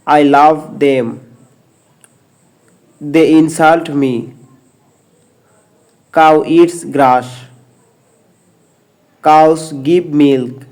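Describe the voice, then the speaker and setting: A man reading short example sentences aloud, slowly and deliberately, one at a time, as an English teacher. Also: fairly high pitch, fairly even intonation, darkish tone, rough recording.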